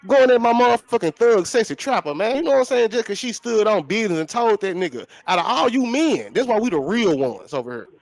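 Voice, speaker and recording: A man's voice: high voice, very animated, fast, few pauses. A man co-hosting a casual talk show, blunt and profane, repeating points for emphasis. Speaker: podcast co-host.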